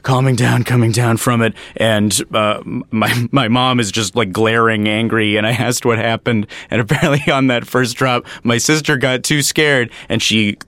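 A man's voice: mid-range voice, fairly even intonation, normal speed, few pauses, fairly bright tone, no room sound. A man co-hosting a podcast, telling a family story in casual chat and laughing through it. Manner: laughs while telling stories, loose and joking. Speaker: podcast co-host.

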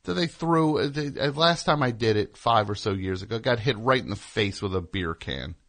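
Gravelly guy ranting on his show, sarcastic and worked up, kinda low, bright edge. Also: animated, moderate pace. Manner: indignant, rambling, sarcastic. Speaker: host. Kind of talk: comedic monologue rant.

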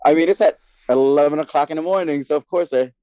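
A man co-hosting a casual talk show, expressive and quick to laugh while telling personal stories. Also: fairly high pitch, no echo, highs cut off. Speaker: podcast co-host. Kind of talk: casual chat.

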